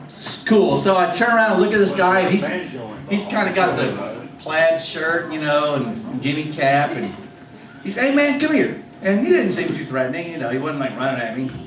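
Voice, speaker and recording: A man hosting an open mic comedy night, telling a rambling, self-deprecating story from the stage with many restarts. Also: a little high. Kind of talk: stand-up storytelling. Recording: echoey club room, distant mic, faint hum.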